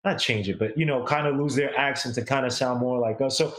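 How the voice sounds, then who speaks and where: A man's voice: medium pitch, fairly quick, fairly bright tone, roomy sound. A man co-hosting a casual music review, talking in a rambling, chatty way. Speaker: co-host.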